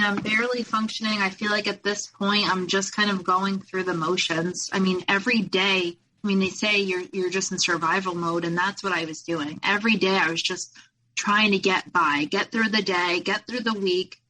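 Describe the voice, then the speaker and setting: A woman's voice: medium pitch, steady tone, normal speed, sharp tone, poor audio. A young adult woman speaking candidly as a podcast guest, retelling past events with lots of quoted dialogue. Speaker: guest, abuse survivor. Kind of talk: personal storytelling in a podcast interview.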